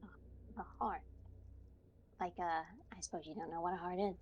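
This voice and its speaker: A woman's voice: on the low side, fairly even intonation, a little fast, highs cut off, slight background noise. A woman playing a tabletop role-playing game, talking hesitantly with many fillers and giggles. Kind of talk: casual role-play chat.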